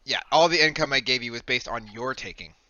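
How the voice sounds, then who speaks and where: A man running a tabletop game as game master, chatting and coaching quickly. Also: medium pitch, pushed and bright. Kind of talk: casual tabletop game narration. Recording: dull lo-fi mic.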